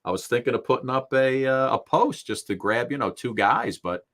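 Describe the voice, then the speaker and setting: A man's voice: medium pitch, expressive, normal speed. Easygoing male talk-show co-host. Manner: easygoing, chatty, loudly upbeat at goodbyes. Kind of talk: casual show sign-off chat.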